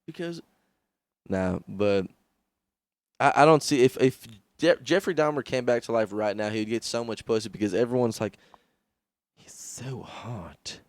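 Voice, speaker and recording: A man's voice: medium pitch, normal speed, no room sound. A young man co-hosting a podcast in casual comedic chat, laughing often and riffing with impressions. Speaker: podcast co-host.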